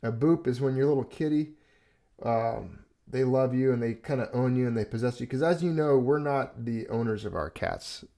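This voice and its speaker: A man's voice: medium pitch, normal speed, dark tone. Earnest rambling man on a livestream. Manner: rambling, earnest, emotional when speaking of a lost pet. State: choked up. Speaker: livestream host. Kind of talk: casual livestream talk.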